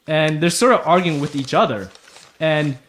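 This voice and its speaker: A man's voice: a little high, normal speed, fairly bright tone. A man running a tabletop game as game master, narrating in a casual, loose way with fillers.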